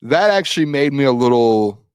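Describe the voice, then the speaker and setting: A man co-hosting a sports podcast, talking in animated, rambling asides. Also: mid-range voice, normal speed, clear, resonant tone, dry recording. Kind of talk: casual sports chat.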